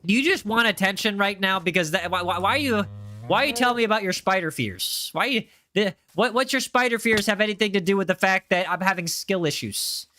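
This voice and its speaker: A man's voice: high-pitched, fairly quick, bright, forceful tone, a little hiss or hum. A young man streaming a game and chatting with viewers, teasing and joking, often repeating lines for comic effect. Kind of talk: casual live-stream chat while gaming.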